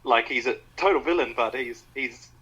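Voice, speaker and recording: A man from Australia co-hosting a film podcast. He talks enthusiastically and haltingly, with many fillers and restarts. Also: medium pitch, sharp tone, breathy edge, lo-fi sound. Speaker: podcast co-host. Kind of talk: casual film review chat.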